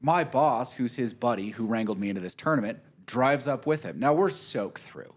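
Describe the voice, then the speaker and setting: A man with a medium-pitched voice, speaking at a moderate pace, casually tells a long golf story. He's an animated storyteller who swears freely and acts out what people said.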